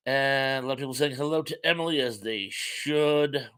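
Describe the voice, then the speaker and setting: A man's voice: mid-range voice, moderate pace, a bit bright, smooth. An older man hosting a live stream, chatting casually and reading viewer comments aloud with plenty of ums and asides. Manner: chatty, rambling, reads comments aloud with fillers. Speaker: host.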